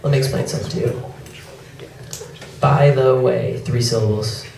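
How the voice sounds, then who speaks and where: Onstage at a comedy club, a sheepish young male comic runs through his set with self-deprecating humor, apologetic asides and quick mimicry. His mid-range voice is steady, creaky and a little mellow, caught from a distance in a reverberant room with slight background noise and audience laughter.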